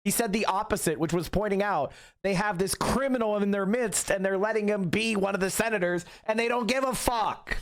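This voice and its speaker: A man's voice: high voice, fairly quick, dry recording, clean studio sound. A young man streaming, ranting emphatically and profanely and answering chat. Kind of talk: casual livestream commentary.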